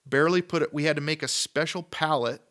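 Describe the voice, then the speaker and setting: Speaking quickly in a steady, slightly bright voice on the high side, this Idaho man is a guest sculptor swapping casual stories in a podcast studio. He rambles with enthusiasm, leaning on "like" and acting out quoted exchanges.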